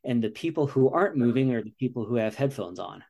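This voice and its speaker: A man's voice: medium pitch, lively intonation, fast talker, gravelly, mellow. A man in his forties, an American father and runner, talking earnestly in a casual interview and often saying "you know". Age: 40s.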